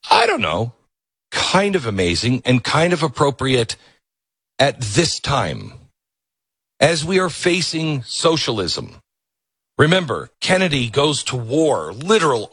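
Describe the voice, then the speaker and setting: A man's voice: fairly bright tone, slightly rough, no echo. A male talk show host ranting sarcastically and mocking his opponents in put-on voices, then reading an ad. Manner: sarcastic, ranting, mock voices, jumps high when mocking. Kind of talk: opinionated talk show monologue with host-read ad.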